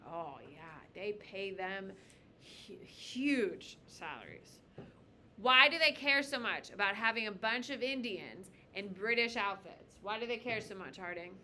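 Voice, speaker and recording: A woman teaching a high school history class, lecturing bluntly and with jokes while calling on students by name. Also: lively intonation, measured pace, pushed and bright, slight background noise.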